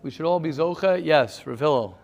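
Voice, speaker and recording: A man's voice: fairly high pitch, lively intonation, brisk, creaky, a little mellow. A man leading an interactive study class, often restarting his sentences and mixing in Hebrew terms. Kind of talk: interactive lecture.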